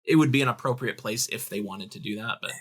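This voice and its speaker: Halting male podcast co-host. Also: on the low side, husky. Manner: hesitant, lots of ums and restarts. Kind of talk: casual podcast chat, reading news aloud.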